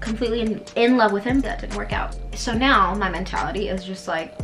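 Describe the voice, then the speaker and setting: A woman's voice: mid-range voice, brisk, over music. A young woman guest in a casual chat with a friend, playful and self-mocking, acting out dramatic quotes.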